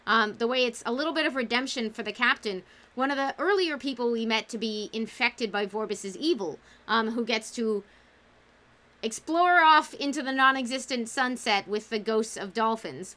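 A woman's voice: on the high side, moderate pace, pushed and bright. A woman hosting a casual livestream book club, talking enthusiastically and reading out chat comments.

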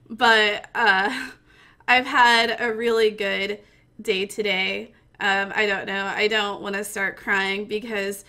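A woman's voice: medium pitch, sharp tone. A young woman streamer from Missouri giving a gushing, giggly mock acceptance speech, pretending to hold back tears.

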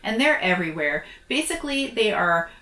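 A middle-aged woman vlogging casually about her life on the road, telling a personal story with candid, animated reactions. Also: mid-range voice, moderate pace, reverberant. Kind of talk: casual personal vlog talk.

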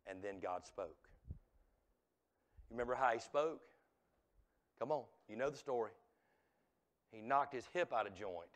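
A man preaching a revival sermon in a church, swinging from hushed, drawn-out lines to loud, shouted ones. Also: mid-range voice. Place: church sanctuary.

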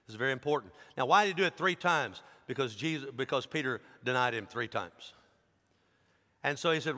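A man, a pastor preaching a sermon in an animated, dramatic storytelling manner. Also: medium pitch, a little fast, pauses often. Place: large church sanctuary. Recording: long church hall reverb.

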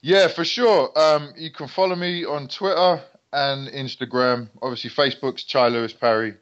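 A man's voice: medium pitch, steady tone, normal speed, a bit bright. A young British man, a fighter guest on a casual podcast, who tells stories and acts out quoted lines. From Britain. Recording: dull lo-fi sound.

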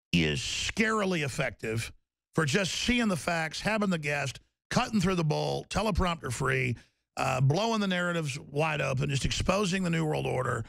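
A man hosting a heated political talk show, loud and combative, often jumping into high mocking voices. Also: creaky, dry recording.

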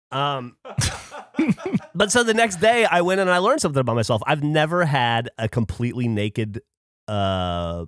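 A man co-hosting a podcast, telling a long story in casual chat with lively, animated delivery and free swearing. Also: medium pitch, dry recording, studio quality. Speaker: podcast co-host.

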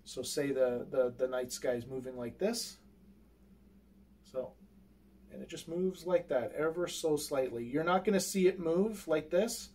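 A man's voice: on the high side, a little slow, darkish tone. A man showing his own telescope gear in an unscripted how-to, rambling and hesitant, full of fillers and restarts while he handles the equipment. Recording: distant mic with faint background noise.

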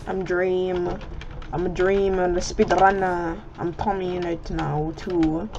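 A woman talks slowly and loosely over gameplay, rambling and joking as she trash-talks other players. Her voice is muffled and lo-fi, with a clear hiss and keyboard typing behind it. The pitch sits in an ordinary middle range. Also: fairly even intonation. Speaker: gaming channel host. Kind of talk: casual gameplay commentary. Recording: muffled lo-fi mic, noisy.

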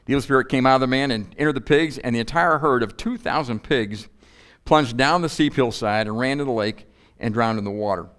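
Male pastor, mid-pitched, animated delivery with rhetorical questions. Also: fairly quick, clean tone. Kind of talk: sermon. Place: church.

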